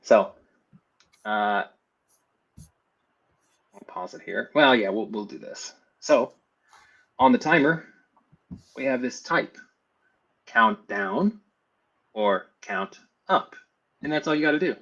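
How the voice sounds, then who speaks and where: A man's voice: medium pitch, lively intonation, slow pace, long pauses, fairly bright tone, dull audio. A man teaching a casual screen-share tutorial, thinking aloud as he builds. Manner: thinks aloud while building, talks to himself. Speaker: FlutterFlow trainer.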